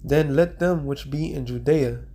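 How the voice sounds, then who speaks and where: A man preaching a street sermon, reading scripture slowly and breaking into slang while checking in with "all right?". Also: a little high, dark tone. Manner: reads scripture in a slowed, drawn-out cadence.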